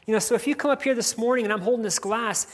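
A preacher delivers a morning sermon from a church stage. The voice sits at a middle pitch and leans on "you know" in almost every phrase, saying key lines twice over. A long hall reverb trails behind each phrase. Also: very fast.

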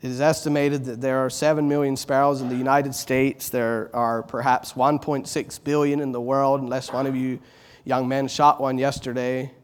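A middle-aged man preaching a sermon, earnest, repeating words as he builds, rising loud on exalted phrases and dropping soft on tender ones. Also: mid-range voice, little pitch movement, normal speed, clean tone.

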